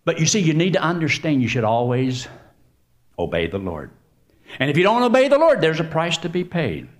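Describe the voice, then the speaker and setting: A male preacher giving a sermon, telling stories with big swings from quiet to loud exclamations. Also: fairly high pitch, brisk. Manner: animated storytelling, swings from soft to exclamations.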